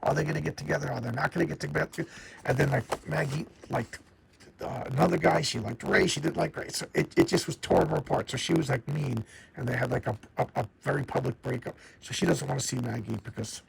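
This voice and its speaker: Gravelly man chatting about comics. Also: mid-range voice, quick pace, a little hiss or hum, rough recording. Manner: enthusiastic, stammers and repeats words. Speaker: comic book reviewer. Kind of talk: casual spoken comic review.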